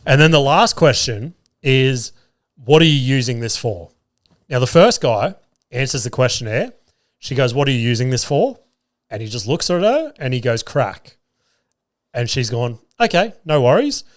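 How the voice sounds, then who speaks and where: A young adult man with an Australian accent, telling a story on his podcast. He acts out each exchange and swears freely, at an average pitch. The recording is dry and close. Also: moderate pace, no room sound. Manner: animated storyteller acting out dialogue, swearing freely. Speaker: podcast host. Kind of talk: casual storytelling.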